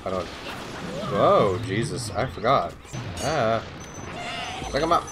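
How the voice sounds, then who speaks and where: A man playing a video game and talking to himself, with excited outbursts and swearing. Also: on the low side, slow pace, music in the background. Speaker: let's play host. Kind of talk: gameplay commentary. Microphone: desktop USB mic.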